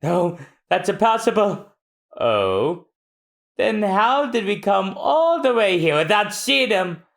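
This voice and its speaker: A man voicing a brash male villain agent in a gruff, lowered voice. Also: sing-song, slow pace, a bit bright, full character voice. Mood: gruff, interrogating.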